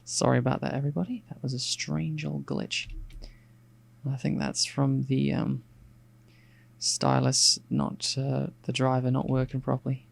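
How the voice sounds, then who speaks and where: A man with an Australian accent, softened by some English RP, chats casually and rambles aloud while sketching on a live stream, with plenty of fillers and restarts. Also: mid-range voice, a little slow, gravelly. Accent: Australian, with some English RP picked up. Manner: relaxed and rambling, thinking aloud with many fillers. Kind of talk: casual narration while drawing.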